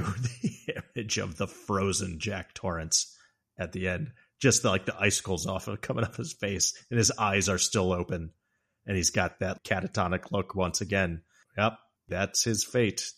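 A man hosting a podcast, casually discussing a film with animated storytelling. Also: deep voice. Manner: animated storytelling, acts out quotes. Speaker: podcast host.

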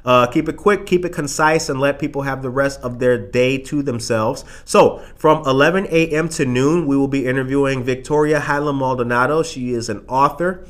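A man's voice: mid-range voice, normal speed, few pauses. A man hosting a casual live talk show, emphatic and fond of repeating phrases for punch. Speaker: show host.

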